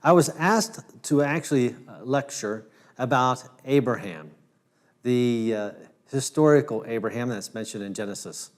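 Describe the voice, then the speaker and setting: A man's voice: mid-range voice, normal speed. Man from Ohio giving a casual lecture. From Ohio, United States. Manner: conversational, with frequent restarts and uh fillers.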